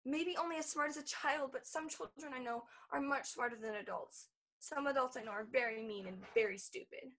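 A grown daughter with a child's heart, played by an actress, high and airy in tone. She pleads with her mother earnestly, stumbling and halting as she talks. It comes across as stage drama. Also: fairly bright tone. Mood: pleading.

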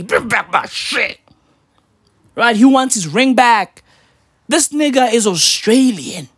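A man's voice: high voice, a bit bright, no room sound, studio quality. A man in his thirties delivering a profane, slangy comedic rant, constantly asking "right?". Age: 30s.

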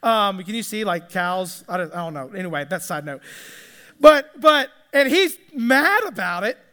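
A man's voice: high voice, big pitch swings, normal speed, sharp tone. A man preaching a casual, chatty sermon, joking and acting out the quotes. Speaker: pastor. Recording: long hall reverb.

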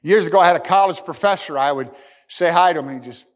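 A man's voice: on the high side, fast. A man preaching a sermon as pastor, talking earnestly and acting out what people say. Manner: earnest preaching, acts out quoted speakers. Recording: long hall reverb.

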